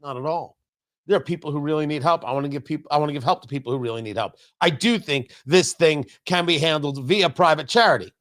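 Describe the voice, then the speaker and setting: A man's voice: a little high, expressive, fast, a bit bright. A middle-aged man hosting a political talk show, speaking emphatically and sarcastically, repeating lines for punch. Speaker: radio talk show host.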